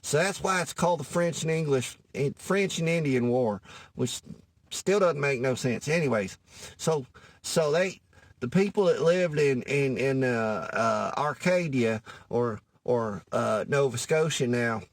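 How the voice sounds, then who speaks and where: A man's voice: mid-range voice, unhurried, dry recording. A man from Louisiana with a Cajun accent, delivering a rambling, profane comedic monologue in a folksy way, often losing his thread. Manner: rambling, profane, loses his thread, says anyways a lot; folksy, calls listeners y'all.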